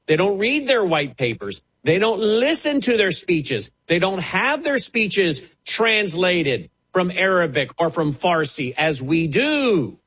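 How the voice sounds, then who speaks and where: A man's voice: high-pitched, very animated, takes it slowly, hardly any pauses, fairly bright tone, slightly rough, rough recording. A man preaching a televised sermon with impassioned delivery and dramatic rises and drops in his voice.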